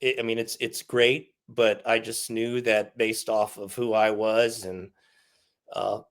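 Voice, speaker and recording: A man's voice: fairly low pitch, little pitch movement, measured pace. A man in his forties, an army veteran and podcast guest, telling his story in a frank, profane way and laughing through the hard parts. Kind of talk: candid interview storytelling.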